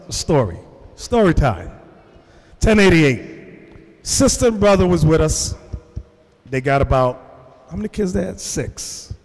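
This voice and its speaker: A man preaches in an animated way, his fairly high voice swinging widely in pitch. He tells stories to his congregation and acts out voices along the way. A long reverb hangs on every word, as in a big hall. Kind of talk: sermon.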